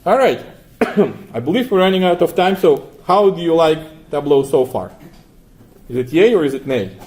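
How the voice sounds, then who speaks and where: A man teaching a class, walking through software steps and asking students questions, often adding 'right?'. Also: on the high side, lively intonation, normal speed. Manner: asks the class frequent questions, tags 'right?'. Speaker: lecturer. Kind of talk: classroom lecture with software demo.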